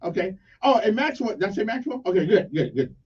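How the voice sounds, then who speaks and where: A man hosting a morning radio talk show, rambling casually through shout-outs to local crews. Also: high-pitched, big pitch swings, a little fast, husky, recorded from a distance. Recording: dull lo-fi sound, slightly off-mic.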